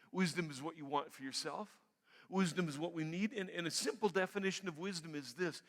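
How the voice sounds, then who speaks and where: High-voiced preaching man in reverberant hall. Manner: emphatic preaching, rising loud on key points then dropping quiet. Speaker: pastor. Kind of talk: sermon. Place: church sanctuary.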